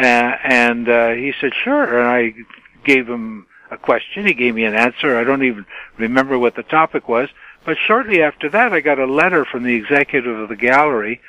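An older man from Canada recalls his reporting days in a rambling, animated way, full of "uh" and "you know". His voice sits in a middle register. The sound is dry and close. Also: medium pitch, no echo, lo-fi sound. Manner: animated anecdotes with many fillers, mimics his own shouted questions. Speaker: retired TV journalist, guest. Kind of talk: storytelling in a podcast interview. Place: home den.

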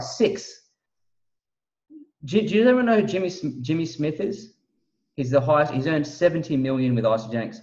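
A man giving an emphatic, preachy motivational sales pitch as a guest on a video call. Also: a little mellow, reverberant, recorded from a distance, lo-fi sound.

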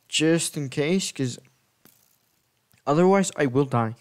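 A man's voice: a little high, lively intonation, slow. Man rambling through gameplay commentary. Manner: rambling, self-correcting, thinking aloud. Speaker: gaming video creator.

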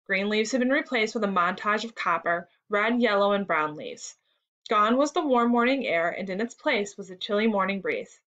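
A woman teacher reading a third-grade lesson and story aloud in a clear, measured way. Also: medium pitch, fairly bright tone, lo-fi sound.

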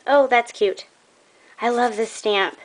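A woman's voice: fairly high pitch, slow, a little hiss or hum. A young woman showing off a craft trade in a casual vlog, gushing and admiring, a bit out of breath.

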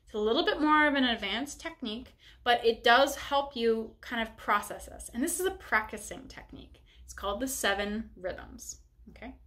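Young female teacher, bright slightly high voice, cheerful step-by-step instruction. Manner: upbeat, encouraging, explains step by step. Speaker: bassoon teacher. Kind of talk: instructional music lesson.

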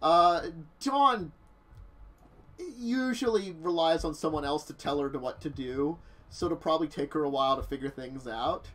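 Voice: medium pitch, normal speed, fairly bright tone, poor audio. A game master casually narrating a tabletop role-playing game, rambling with many fillers. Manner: casual, rambling, laughing often.

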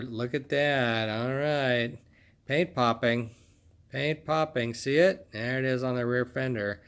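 A man hosting his own collecting video, giving casual, enthusiastic commentary while unboxing and inspecting toy cars. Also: medium pitch. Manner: enthusiastic, exclaims over each find.

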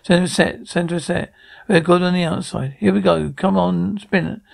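An actor playing a brash, gruff Australian two-up ring-keeper, barking loud calls to a crowd. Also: male voice, sits high, fairly even intonation, moderate pace. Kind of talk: TV drama acting.

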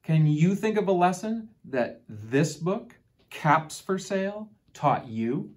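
A woman storyteller reading a picture book aloud to children, expressive and deliberate, who then asks the listeners about its lesson. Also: on the low side.

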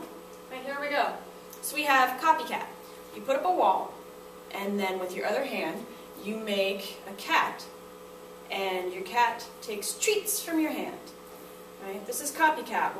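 A woman's voice: medium pitch, distant mic, noisy background. A young adult woman teacher reviewing classroom techniques in a playful, demonstrative way. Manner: playful, demonstrative, acts out student reactions. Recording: echoey room, voice from off-mic.

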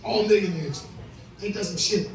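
Man, high voice, profane stand-up crowd work, tipsy and laughing, distant mic, loud echoing club. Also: moderate pace, faint music behind. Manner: brash, profane, laughing often. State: drunk. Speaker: comedian hosting a show. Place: live club with audience. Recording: echoey room, distant mic, crowd noise.

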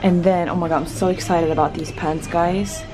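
A young woman from Sweden vlogging in a chatty, excitable way, full of fillers, into a handheld camera. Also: on the low side, normal speed, music in the background. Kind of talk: casual vlog chat.

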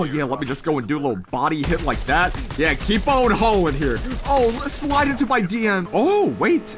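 A man giving excitable, jokey live commentary on a shooter game, with sudden yelps. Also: sits high, background noise. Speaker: gaming streamer. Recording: game gunfire loud behind voice. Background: gunshots and game sound effects.

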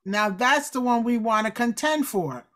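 A woman's voice: on the high side, expressive, normal speed, a bit bright. A woman preaching with fire and a combative edge, coughing now and then. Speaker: Bible study participant. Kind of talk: fiery preaching.

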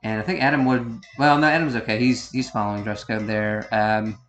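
A man's voice: lowish voice, steady tone, fairly bright tone, roomy sound, faint music behind. A man in his thirties from upstate New York giving a rambling, self-correcting DVD-style commentary. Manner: meandering, self-correcting, unhurried. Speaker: video commentator.

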